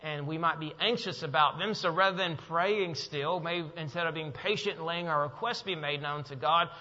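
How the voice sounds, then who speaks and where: A man with a high, bright voice preaching a sermon, building to emphatic peaks and then dropping soft. His voice carries a long hall reverb in a dull, muffled recording. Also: normal speed. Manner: preaching with rising, emphatic bursts and soft drops. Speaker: pastor.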